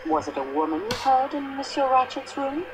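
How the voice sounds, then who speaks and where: A woman's voice: sits high, big pitch swings, brisk, background noise. An actress with a French accent playing a patient young female investigator in a mystery video game, formal and clipped.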